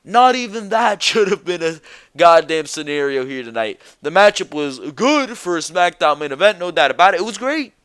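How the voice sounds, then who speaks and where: A man's voice: on the high side, big pitch swings, moderate pace, fairly bright tone, smooth, dry recording. A young man reviewing a wrestling show alone, ranting bluntly and swearing freely as he gives his opinions.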